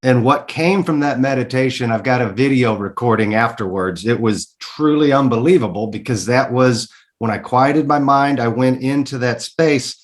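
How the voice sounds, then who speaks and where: A man's voice: medium pitch, moderate pace, hardly any pauses. A man, a guest in a casual interview, telling his story candidly and emphatically, swearing freely and repeating words when he gets worked up.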